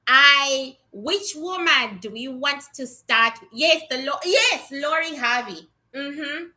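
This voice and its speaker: A woman's voice: sits high, expressive, takes it slowly, bright, forceful tone. A woman giving a casual, blunt psychic reading to her viewers, chatty and swearing freely. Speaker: psychic reader.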